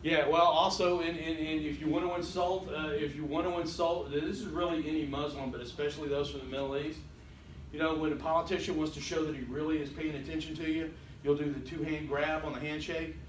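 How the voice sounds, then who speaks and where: A college instructor lectures his class, tossing in wry jokes for his students. His voice sits on the high side and stays steady, moving a little fast, with a touch of hiss or hum. The recording catches him from far off in an echoey classroom.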